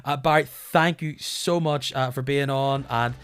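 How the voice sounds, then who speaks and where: A man's voice: medium pitch, unhurried. A man hosting a podcast, chatting casually and playfully as he signs off. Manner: chatty, lively sign-off with playful asides. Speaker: podcast host.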